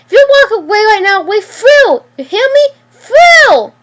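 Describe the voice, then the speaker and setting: A woman reading a story aloud and voicing a clingy, possessive young girlfriend who pleads and turns shrill. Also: very animated, unhurried, heavily acted. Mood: screaming.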